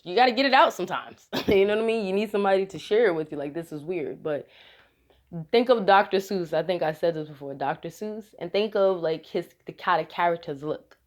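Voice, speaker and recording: A woman's voice: mid-range voice, expressive, fast talker. A woman telling a rambling, casual story to her viewers, laughing often and restarting her sentences. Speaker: vlogger.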